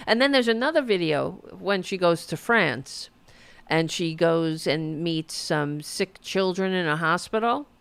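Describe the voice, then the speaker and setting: A woman hosts a casual political talk show with a gravelly, fry-laden voice that rises and falls a great deal. She talks slowly and sarcastically, mocks her targets and swears freely. The sound is dry and close. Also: on the low side, fairly bright tone, no echo. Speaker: podcast host.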